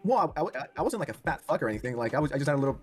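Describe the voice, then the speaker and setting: A man arguing defensively in a casual talk, halting and restarting. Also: fairly high pitch, very animated, faint music behind. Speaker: guest in argument. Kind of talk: casual argument.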